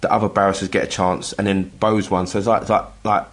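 A middle-aged man from England telling a personal story in casual chat, halting with many restarts and acting out the voices he quotes. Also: low-pitched, little pitch movement. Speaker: guest telling his story.

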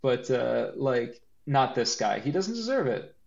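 A man co-hosting a podcast in casual chat, animated and joking, with a lot of laughing and restarts. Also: medium pitch, measured pace, creaky, lo-fi sound. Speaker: podcast co-host.

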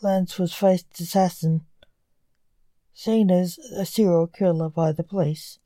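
A woman narrating a dark story in a measured, deliberate reading style. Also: on the low side, no echo.

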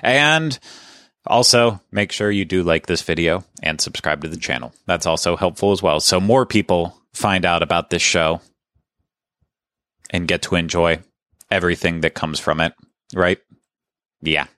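A man with a fairly low voice hosts a podcast in a loose, chatty manner, often restarting his sentences. The sound is dry and close, with no room around it. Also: moderate pace, long pauses, fairly bright tone, no echo. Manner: conversational, self-correcting, chatty. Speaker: podcast host. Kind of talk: casual podcast chat.

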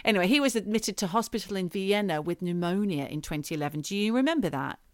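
A woman's voice: mid-range voice, lively intonation, fast talker, no echo, studio quality. A woman co-hosting a podcast, chatting casually and telling stories in a playful way. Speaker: podcast co-host. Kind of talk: casual chat.

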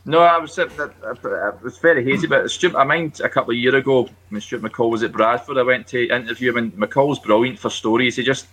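A man's voice: mid-range voice, fairly quick, hardly any pauses, fairly bright tone. A Scottish man on a podcast panel, telling a story with a hesitant manner and many ums. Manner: hesitant, lots of ums and uhs. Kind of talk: casual chat.

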